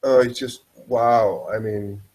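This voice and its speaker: Man, game master, halting narration, fillers, mid-pitched voice. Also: fairly even intonation, a little mellow, poor audio. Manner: halting, full of fillers and restarts.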